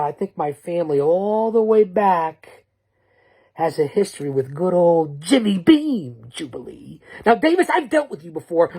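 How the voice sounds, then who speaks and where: A middle-aged man rattles off a wrestling-style trash-talk promo in a husky, slightly breathy voice. He is bombastic and rambling, doubling back on his words as he hypes each matchup. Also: fairly high pitch, warm tone. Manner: bombastic, rambling, with stammered restarts. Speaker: show host promoting matchups.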